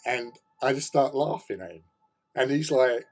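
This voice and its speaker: A man's voice: medium pitch, expressive, normal speed. A middle-aged British man hosting a hobby chat, telling a rambling story, laughing often and swearing casually. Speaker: hobby channel host.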